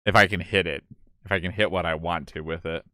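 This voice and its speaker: A man's voice: low voice, fairly even intonation, brisk, sharp tone, dry recording, clean studio sound. A young man chatting casually and laughing while playing through a game. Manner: chatty, laughing, thinks aloud. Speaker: game streamer voicing characters.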